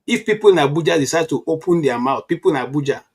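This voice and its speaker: A Nigerian man in his fifties, talking politics in a casual chat and telling animated stories full of restarts. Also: on the high side, rapid-fire, slightly rough. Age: 50s. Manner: animated storytelling with frequent restarts.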